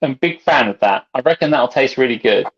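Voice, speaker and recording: A tipsy man co-hosting a casual livestream chat, rambling and loud as he drinks. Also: medium pitch, animated, fast talker. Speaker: co-host. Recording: dull lo-fi video call audio.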